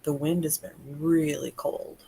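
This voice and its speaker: A woman's voice: low voice, flat delivery, measured pace, vocal fry, slight background noise. Chatty American woman hosting a healing stream. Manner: chatty, greets viewers by name, gives gentle instructions. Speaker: energy healer hosting a livestream. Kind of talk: casual livestream chat.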